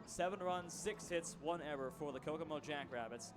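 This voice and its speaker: A man's voice: fairly high pitch, normal speed, noisy background. A young man doing play-by-play on a baseball radio broadcast, reading final stats and signing off with dry sarcastic humor from a ballpark booth. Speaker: play-by-play announcer. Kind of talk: sports radio sign-off.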